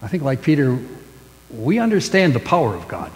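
A man's voice: mid-range voice, wildly swooping pitch, fairly quick. Emphatic preacher man in a reverberant hall. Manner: emphatic, swings between loud stresses and hushed endings. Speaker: pastor. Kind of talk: sermon.

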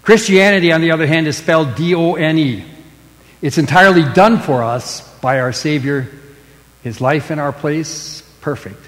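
A pastor preaching a sermon, with emphatic stresses that fall away into hushed line endings. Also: male voice, a little high, moderate pace, long reverb tail, rough recording.

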